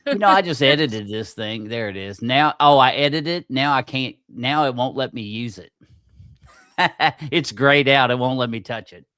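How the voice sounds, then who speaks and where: Cursing, easily riled podcast host. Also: male voice, medium pitch, expressive, moderate pace, sharp tone, clean tone, no echo, clean studio sound. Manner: profane, easily aggravated, self-mocking. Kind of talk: casual livestream chat.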